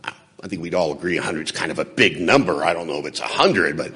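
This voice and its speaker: Animated man telling a story in a hall. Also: sits low, fast talker, breathy edge. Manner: animated storyteller acting out dialogue. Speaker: recovery speaker. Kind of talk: storytelling talk at a convention. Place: large convention hall. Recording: hall reverb from a large venue.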